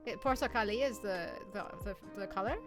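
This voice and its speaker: A woman's voice: medium pitch, fairly quick, music in the background. A woman chatting casually on a stream, playfully asking questions and laughing often. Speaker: co-host of game dev stream. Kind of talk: casual chat.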